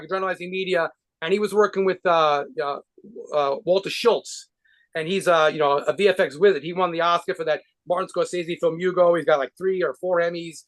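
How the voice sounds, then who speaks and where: High-voiced New rocker rambling. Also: male voice, fairly bright tone. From New York. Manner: rambling, profane, with frequent restarts and laughs. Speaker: guitarist and band leader being interviewed. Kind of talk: casual interview.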